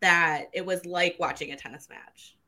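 A woman's voice: fairly low pitch, steady tone, moderate pace, bright, forceful tone. A woman co-hosting a book review podcast, talking in a casual, thoughtful way. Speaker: podcast co-host.

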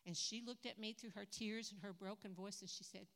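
An older woman preaching a sermon at a conference in a church hall, lively and humorous, talking straight to the audience. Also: medium pitch, fairly quick, hardly any pauses. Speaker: conference speaker. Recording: echoey hall.

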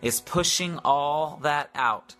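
A man's voice: fairly high pitch, takes it slowly, sharp tone, soft background music. A man preaching in a live-stream devotional, repeating declarations for listeners to say after him.

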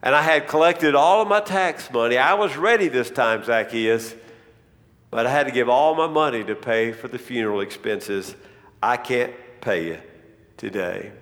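A man voicing a grieving mother who speaks in a low, soft, pleading way, recorded in a reverberant hall. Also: normal speed, close to an everyday voice. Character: grieving poor widowed mother. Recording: long reverb in a large hall.

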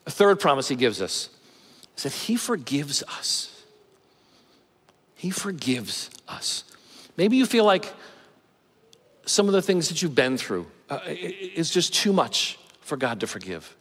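Male pastor, slow emphatic sermon delivery, fairly high voice, long hall reverb. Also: sing-song, fairly bright tone, husky. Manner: measured preaching with slow, emphatic pauses.

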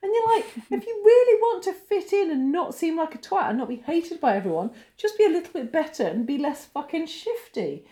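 Animated woman co-host, lively rises and falls, chatty and blunt. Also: very high voice, fairly quick, few pauses. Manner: animated, swearing, laughs often. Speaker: podcast co-host. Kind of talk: casual chat.

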